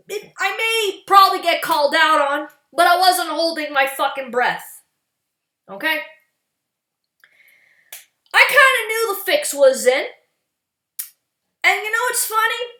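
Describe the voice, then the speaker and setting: Angry canadian woman swearing through a political rant, high bright voice, slow and echoey. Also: lively intonation. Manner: furious, profane, sarcastic. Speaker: political vlogger.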